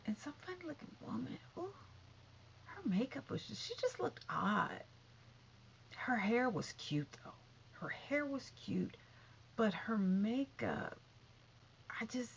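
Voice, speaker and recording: A woman's voice: a little high, gravelly. Woman, gossip vlog, catty chatter, slightly dull sound, faint hiss. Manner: chatty, catty, with asides and repeated no's. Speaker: gossip vlogger. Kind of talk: casual celebrity gossip commentary.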